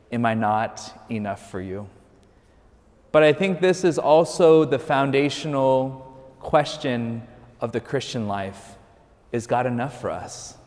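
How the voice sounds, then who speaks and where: Priest preaching in a reverberant church. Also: male voice, medium pitch. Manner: conversational, lightly joking storytelling. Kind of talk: sermon.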